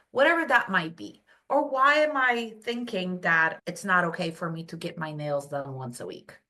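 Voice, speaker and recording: A woman's voice: moderate pace, hardly any pauses. A woman from Poland, a brain health coach, telling stories as a podcast guest and acting out quoted voices. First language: Polish. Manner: animated storytelling, acts out quotes in high voices. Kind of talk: casual podcast interview.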